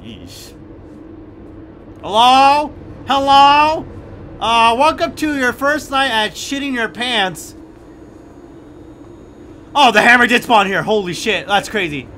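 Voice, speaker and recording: A young man giving gameplay commentary, swinging from hushed muttering to loud, sweary shouting. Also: extremely high pitch, expressive, takes it slowly, long pauses, slight background noise. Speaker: gaming YouTuber.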